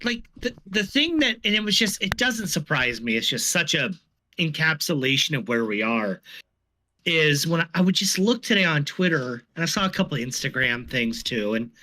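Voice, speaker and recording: A man on a casual sports podcast who wanders through anecdotes and drops wry asides along the way. His voice is fairly high and bright, with a lively, bouncing pitch. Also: moderate pace. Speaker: podcast co-host.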